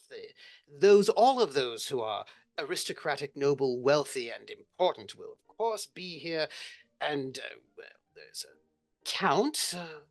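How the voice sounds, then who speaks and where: A game facilitator slowly narrating a tabletop role-play scene with halting pauses. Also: mid-range voice. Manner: slow, halting, descriptive.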